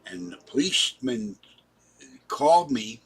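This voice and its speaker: A man's voice: medium pitch, very animated, unhurried, husky. A man telling a long, rambling personal story in a casual vlog, recounting events in the present tense. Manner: breaks off to talk softly to his cats. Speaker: vlogger.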